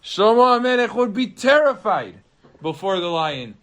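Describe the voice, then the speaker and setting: A rabbi tells a tale with lively drama, his voice rising and dropping sharply as the story builds. His voice sits a little higher than most men's. He speaks like a storyteller holding a room's attention. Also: normal speed. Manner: animated, dramatic swings of pitch and loudness.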